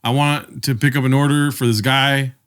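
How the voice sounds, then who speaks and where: A man's voice: medium pitch, fairly even intonation, normal speed, a bit bright, clean tone. A young man co-hosting a podcast, telling a long rambling story with lots of swearing. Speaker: podcast co-host. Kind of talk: casual chat.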